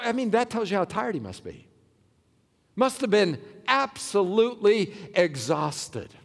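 A man preaching a sermon as a pastor, dramatic, swinging from loud cries to hushed words, in a church sanctuary. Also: high-pitched, wildly swooping pitch, slow. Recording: long hall reverb.

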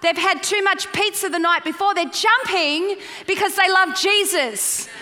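A woman's voice: very high voice, bright, forceful tone. A woman preaching to a congregation in a church, enthusiastic and emphatic. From Australia. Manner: enthusiastic, emphatic, speaking slowly and deliberately. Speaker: guest preacher. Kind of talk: sermon to a congregation. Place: large church hall. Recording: long reverb of a large church.

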